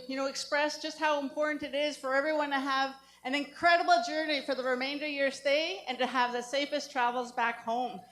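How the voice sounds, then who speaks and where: A woman addresses a crowd outdoors with an upbeat, welcoming speech. Her voice sits high and bright in pitch. She leans on small fillers as she speaks. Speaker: elected community leader welcoming guests. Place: outdoor powwow.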